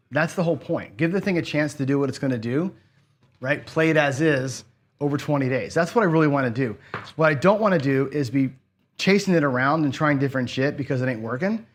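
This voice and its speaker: A slightly high man's voice with a fairly bright tone comes from a live online craps stream he's hosting. Chatting casually with viewers, he gets frustrated and curses as he loses.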